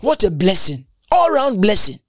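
Woman preacher, Bible teaching, lively swooping pitch, exclamatory, dry close sound. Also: normal speed, no echo. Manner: animated, exclamatory, stumbles and repeats words.

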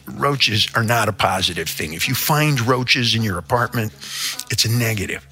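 Bright-voiced older man ranting comically. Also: lowish voice, normal speed. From American Midwest. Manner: theatrical, rambling storyteller with sudden asides. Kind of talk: comedic rant monologue.

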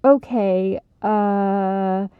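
A woman's voice: mid-range voice, steady tone, clear, resonant tone, no echo. A woman voicing an impatient, demanding young man in a storybook reading. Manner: brisk, frustrated. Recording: slightly dull, dry recording.

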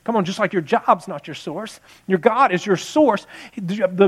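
A man's voice: high voice, moderate pace, few pauses, fairly bright tone, breathy edge. A man preaching a sermon in a conversational storytelling way, repeating phrases and building to passionate emphasis. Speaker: pastor.

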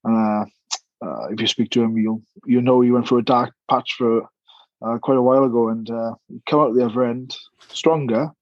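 A man who played rugby, talking as a guest in a casual chat, relaxed and full of uhs and repeated words. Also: medium pitch, moderate pace, dry recording, lo-fi sound.

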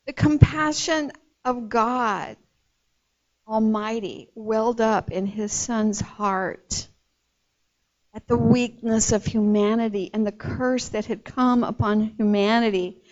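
A woman retelling a Bible story in a sermon, expressive and storytelling, with casual asides to her listeners. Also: fairly high pitch, slow. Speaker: Bible teacher. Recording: dull lo-fi recording.

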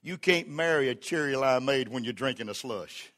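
An older man preaching a sermon as a pastor. He is folksy and humorous, and he swings from shouted exhortation to quiet storytelling. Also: medium pitch, lively intonation, normal speed.

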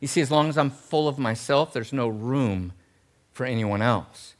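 A man preaching a sermon as pastor, animated and jokey, talking straight to his congregation. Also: medium pitch, normal speed.

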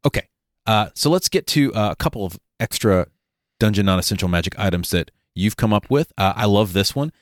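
A man's voice: on the low side, lively intonation, brisk, no echo, clean studio sound. A man co-hosting a casual podcast, joking and leading the talk in a playful way. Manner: jokey, playful, leads the segments. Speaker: podcast co-host.

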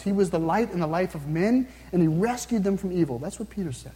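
A man preaching a sermon, earnestly posing questions to his listeners and slowing down to read scripture aloud. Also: high voice, animated, dark tone. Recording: long reverb, hall-like.

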